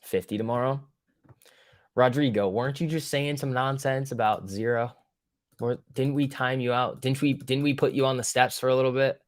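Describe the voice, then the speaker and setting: Speaking at a normal speed with a steady tone and medium pitch, a man hosts a livestream about stocks. His manner is loose and jokey, full of profanity as he answers what viewers type.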